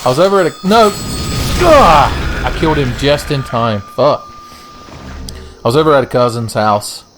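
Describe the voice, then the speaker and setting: A man's voice: medium pitch, moderate pace, faint music behind. A young man giving casual, profane, joking let's-play commentary as he plays a game. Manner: profane, joking, rambling asides. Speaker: gaming channel host.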